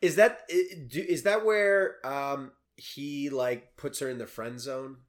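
A man's voice: mid-range voice, slow pace. A man in casual chat recapping a movie plot, hesitant, with many fillers and restarts.

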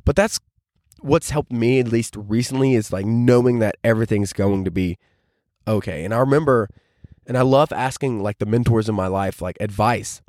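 A man's voice: on the low side, moderate pace, darkish tone, dry recording, studio quality. A man in his twenties hosting a solo podcast, talking casually and reflectively, rambling with lots of filler words. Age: 20s. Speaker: podcast host.

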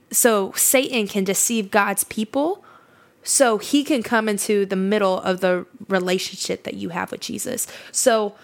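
A woman hosting a faith podcast in a casual, earnest, emphatic way, often restarting her sentences. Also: mid-range voice. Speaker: podcast host.

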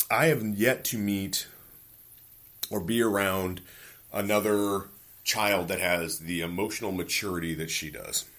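A man in his forties hosting a podcast, talking in a casual, profane, ranting monologue and telling stories from home. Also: deep voice. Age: 40s. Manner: profane, ranting, animated storytelling. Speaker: podcast host.

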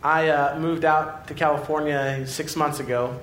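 A man preaching a sermon as a pastor, telling a story with animated swings between excitement and quiet earnestness. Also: measured pace. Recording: echoey room with faint rumble.

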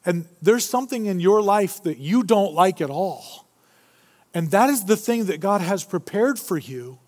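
A man preaching a sermon as pastor, animated, acting out the people he quotes. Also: high-pitched, a little slow. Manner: animated, acts out quoted voices. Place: church sanctuary. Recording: long hall reverb.

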